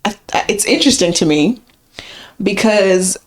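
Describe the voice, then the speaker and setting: Relaxed woman podcast co-host. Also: medium pitch, moderate pace. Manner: talks through points in a relaxed, explaining way with frequent "like" and "so". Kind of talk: casual conversational podcast chat.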